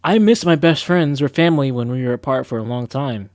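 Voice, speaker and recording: A man's voice: medium pitch, brisk, a little mellow, no echo, studio quality. A young man on a live stream, chatting casually and rambling in a laid-back, slangy, self-mocking way as he reads quiz questions aloud.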